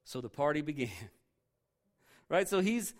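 A man preaching a sermon as pastor, earnest and emphatic, repeating key phrases and dropping softly low on the lines he stresses. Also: animated, unhurried.

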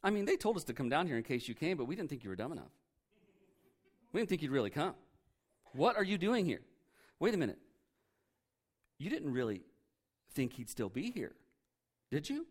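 A man's voice: on the high side, big pitch swings, brisk, long pauses. A man voicing a condescending angel. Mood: mocking. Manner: mocking, incredulous questions. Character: condescending angels scolding humans.

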